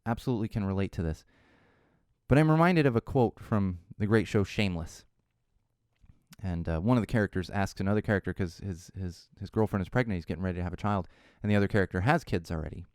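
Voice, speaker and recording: A man hosting his own podcast, talking solo in an animated, ranting way and mocking other people's voices. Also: low-pitched, fast talker, clear, resonant tone, no echo, studio quality. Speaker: podcast host.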